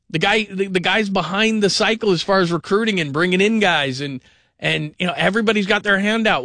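High, bright-voiced sports radio host man. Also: brisk, no room sound, clean studio sound. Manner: rambling, animated, mimics people in funny voices. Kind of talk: call-in sports radio talk.

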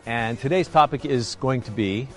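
A man co-hosting a casual Christian chat show with his wife, playful and joking. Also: medium pitch. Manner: joking, playful, reads scripture slowly. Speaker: co-host.

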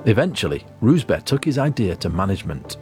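A man with a lowish voice narrating a scripted radio documentary. His delivery is measured and story-like. Faint music runs behind him. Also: sing-song, a little mellow. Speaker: reporter narrator.

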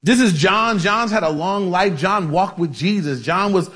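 High-voiced casual male preacher. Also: measured pace, fairly bright tone, husky. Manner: casual and chatty, with frequent "you know" and restarts. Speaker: pastor. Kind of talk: conversational Bible-teaching sermon.

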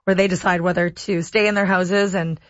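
A woman hosting a radio show, chatting lively and conversationally between segments. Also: lowish voice, fairly quick, dry recording. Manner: lively, conversational, lightly laughing. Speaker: radio host. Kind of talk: casual radio chat. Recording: dry, dull radio audio with faint music.

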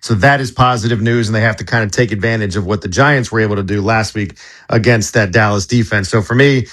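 Halting, casual radio sports director man. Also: on the low side, a bit bright. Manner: casual, halting, with many fillers and restarts. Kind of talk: live radio sports preview.

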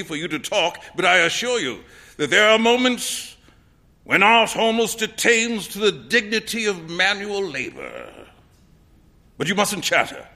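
A man voicing a flamboyant grown painter who booms out showy exclamations. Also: sharp tone, in a large hall, exaggerated voice.

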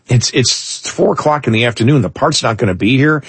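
A middle-aged man co-hosts a talk radio show. His voice is husky at a medium pitch, close and dry. He talks in long, looping restarts with an exasperated edge. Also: brisk, dry recording. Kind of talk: casual on-air talk.

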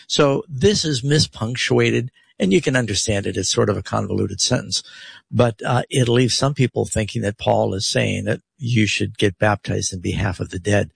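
A man's voice: on the low side, moderate pace, vocal fry, breathy edge, no echo. A man hosting a radio call-in show, explaining Bible verses with strong rhetorical emphasis. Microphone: studio radio mic.

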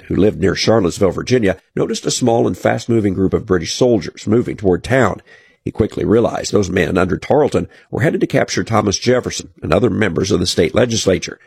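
A man hosting a radio history segment, telling the story in a measured, scripted narration. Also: lowish voice, lively intonation, vocal fry, a little mellow, breathy edge, no echo.

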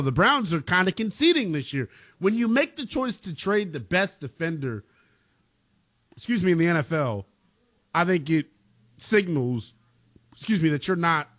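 A man's voice: high-pitched, a bit bright. A man co-hosting a sports talk show, arguing his takes in a slangy, emphatic way. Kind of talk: casual sports debate.

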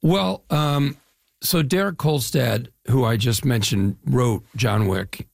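Gravelly older man telling stories. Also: medium pitch, no room sound, studio quality. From Chicago area, US Midwest. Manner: relaxed storytelling, drawn-out phrases, frequent "yeah". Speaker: actor, interview guest. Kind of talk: casual interview conversation.

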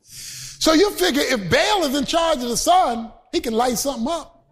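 High-voiced man preaching in chanted cadence. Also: animated, moderate pace. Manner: emphatic, shouting and chanting in a sing-song cadence; colloquial, joking asides to the congregation. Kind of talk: sermon.

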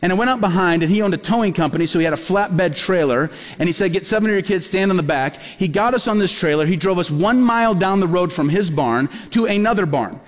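A male pastor with a high voice races through his storytelling sermon with hardly any pauses, animatedly performing the voices of the characters he describes. Long hall reverb from the church surrounds him.

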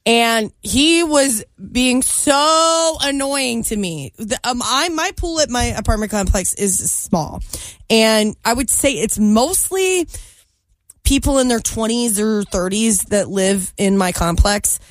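A woman's voice: a little high, expressive, takes it slowly, no room sound. A young woman co-hosting a morning radio show, telling a story in casual chat, full of "like" and little laughs. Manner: chatty, storytelling, lots of likes and laughs. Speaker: radio co-host.

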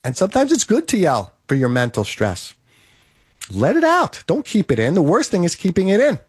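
A man delivers a motivational monologue in a slightly high voice, driving his points home through emphatic repetition. The recording is dry, with no room echo around him. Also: wildly swooping pitch, fairly quick, darkish tone, slightly rough.

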